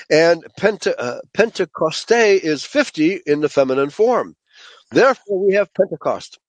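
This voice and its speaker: A man with a fairly high voice teaches a Bible study lecture to a group. He speaks emphatically, stresses his points, and keeps checking in with his listeners. The sound is dry and close, with no room echo. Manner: emphatic, checks in with frequent "okay?"; addresses listeners as "folks".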